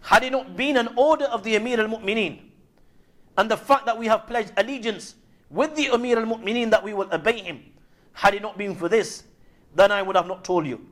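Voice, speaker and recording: A man's voice: high voice, brisk, fairly bright tone. A man voicing a humble, trustworthy commander of old. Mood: earnest. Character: devoted trustworthy early Muslim commander, grown man.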